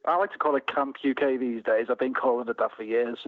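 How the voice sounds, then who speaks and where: A man with a Merseyside accent rings into a radio show, wry and rambling as he chats. His voice comes through a thin, narrow phone line with no room around it, at a mid pitch. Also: fairly even intonation, fairly quick, no room sound. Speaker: caller. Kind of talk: phone-in chat.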